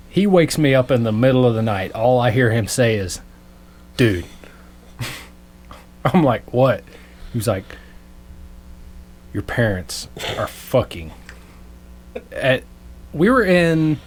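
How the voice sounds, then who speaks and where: A man's voice: mid-range voice, slight background noise. A young man co-hosting a podcast, telling crude stories with his friends and laughing often as he goes. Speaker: podcast co-host. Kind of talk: casual chat.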